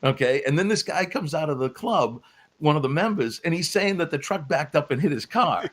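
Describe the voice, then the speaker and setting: Man, podcast guest, former referee, animated storyteller, casual, laughs easily. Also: fairly high pitch, a little fast.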